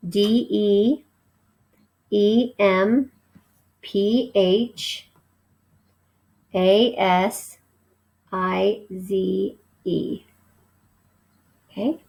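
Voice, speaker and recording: A woman teaching a recorded vocabulary lesson at a slow, patient pace. She spells each word out letter by letter before explaining it, and her voice has a gravelly edge. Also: medium pitch, fairly even intonation, a little mellow, poor audio.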